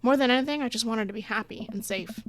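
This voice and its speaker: A woman's voice: fairly high pitch, fast, dry recording. A young woman playing a dating game, chatting casually, reading the story aloud and laughing often. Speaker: let's play gamer.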